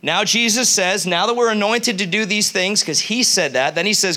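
A male preacher with a high, bright voice that rides up high. He delivers a sermon in a church, animated and throwing questions out to the congregation. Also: a little fast, few pauses. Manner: animated, quizzes the audience.

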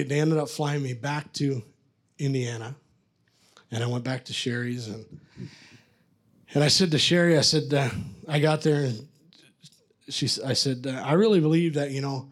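A man from Canada tells his testimony as a preacher, talking at an ordinary middle pitch. He rambles, restarts himself and pokes fun at his younger self as he goes. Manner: rambling, self-mocking storyteller. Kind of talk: testimony storytelling.

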